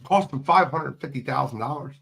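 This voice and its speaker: Man hosting a sports show, mid-pitched, teasing, keeps things moving. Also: gravelly, fairly bright tone, breathy edge. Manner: teasing, quick to hand off. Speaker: podcast host. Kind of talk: casual sports talk.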